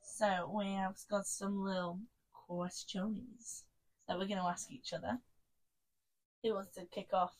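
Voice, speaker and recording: A woman's voice: medium pitch, flat delivery, measured pace. A young woman co-hosting a podcast, chatting casually with lots of "like". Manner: chatty, lots of "like", bursts of loud laughter. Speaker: podcast co-host. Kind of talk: casual chat.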